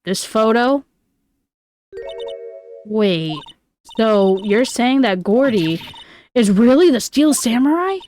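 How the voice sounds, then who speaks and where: A woman voicing a curious young woman sidekick in a quick, questioning tone. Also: fairly high pitch, expressive, darkish tone, soft background music.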